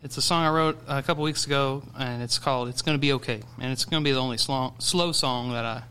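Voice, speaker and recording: A man's voice: mid-range voice, fast talker, bright, forceful tone, smooth. A man from Southern Illinois, a guest musician, chatting in a rambling way with lots of fillers. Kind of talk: casual interview chat. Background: guitar music.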